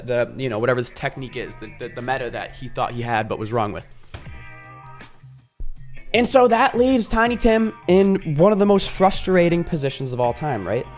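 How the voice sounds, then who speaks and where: A male YouTuber talking in a casual vlog monologue, animated, swearing freely and acting out little scenes. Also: mid-range voice.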